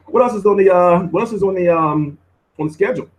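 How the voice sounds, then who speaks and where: A man's voice: high-pitched, fast. A man hosting a boxing news show, talking in a casual, slangy, laid-back way. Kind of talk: casual commentary.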